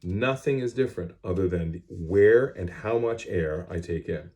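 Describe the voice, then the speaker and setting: A man's voice: low voice, measured pace, a little mellow. A middle-aged man teaching a music class to students, recorded on a cell phone, speaking plainly and directly. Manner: plain-spoken, direct and instructive. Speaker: band teacher.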